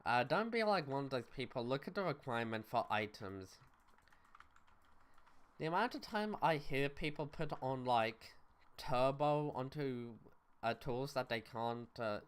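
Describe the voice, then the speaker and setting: A man's voice: mid-range voice, animated, unhurried, clean tone. A young man livestreaming a video game, chatting loosely with his viewers, answering chat and cursing offhandedly. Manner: loose and offhand, reads chat aloud, swears casually. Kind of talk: casual gaming stream chatter.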